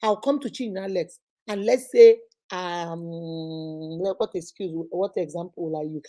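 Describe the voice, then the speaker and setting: A middle-aged woman hosting a talk on relationships, preachy and animated, mimicking voices and laughing often. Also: fairly low pitch, measured pace. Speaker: host.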